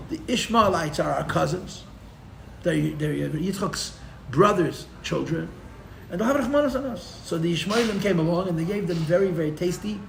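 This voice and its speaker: A man teaching a live Torah class as a rabbi, telling the story with animated, sarcastic humor and mixing in Hebrew and Yiddish terms. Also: sits high, moderate pace, creaky, reverberant. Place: room for a live-streamed class.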